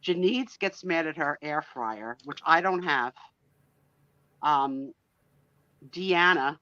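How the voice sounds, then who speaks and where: A woman from New Jersey, with a New Jersey accent and a low voice, chats animatedly on a casual live stream, giggling and quick to exaggerate. The recording is dry, with the highs cut off.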